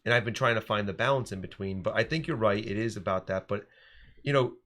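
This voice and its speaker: Animated man telling classroom stories. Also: fairly low pitch, fast. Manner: animated storytelling, frequent restarts. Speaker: teacher and podcast co-host. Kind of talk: casual podcast discussion.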